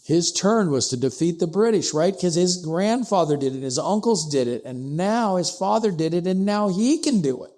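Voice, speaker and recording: A man telling a historical story as a podcast guest, acting out the dialogue with sudden rises in pitch. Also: lively intonation, moderate pace, few pauses, darkish tone. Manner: acts out dialogue with pitch jumps, asides like "I'm paraphrasing". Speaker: podcast guest, distillery co-founder.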